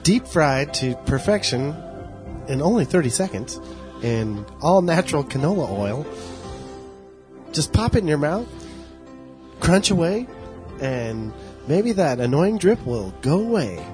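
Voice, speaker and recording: A man delivering a mock commercial pitch in a salesy, announcer-like way. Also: very animated, unhurried, music in the background. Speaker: podcast guest.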